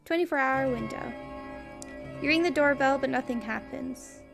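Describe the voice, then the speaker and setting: A woman's voice: high voice, moderate pace, vocal fry, music in the background. A woman playing a game on video, reading the on-screen text aloud in a casual way, with wry asides. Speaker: let's play gamer.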